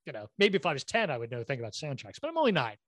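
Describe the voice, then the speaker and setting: A man in relaxed conversation tells stories with energy, full of fillers and asides. His pitch sits in the middle of the range. The recording is dry and close. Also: rapid-fire, no echo. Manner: animated anecdote telling with many fillers. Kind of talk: casual chat.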